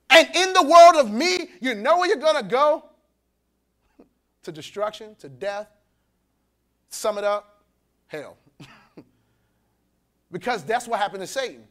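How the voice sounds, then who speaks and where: A man with a high-pitched voice preaching a sermon at a men's conference. He talks in a loose, colloquial way and acts out the people he quotes. He laughs between his points. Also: expressive, moderate pace, long pauses, a bit bright. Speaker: pastor.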